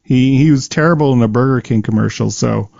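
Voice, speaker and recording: A man with a gravelly, mid-pitched voice offers dry, measured remarks in a relaxed podcast chat. The sound is dry, dull and lo-fi. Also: no echo. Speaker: podcast co-host. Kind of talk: casual chat.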